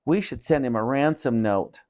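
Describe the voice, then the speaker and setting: A man's voice: medium pitch, moderate pace, darkish tone, lightly acted. A man voicing a bossy, mean boy who sneers and teases. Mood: sneering.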